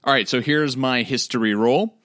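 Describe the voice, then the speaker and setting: A man's voice: mid-range voice, moderate pace, a bit bright, dry recording, studio quality. A man playing a tabletop game, narrating his character's actions in the third person. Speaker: player.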